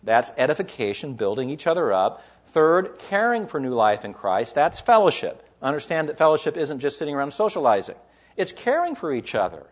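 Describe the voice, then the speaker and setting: A man's voice: on the high side, very animated, fairly quick. A man, a pastor preaching a sermon, explaining scripture in an emphatic, teaching way.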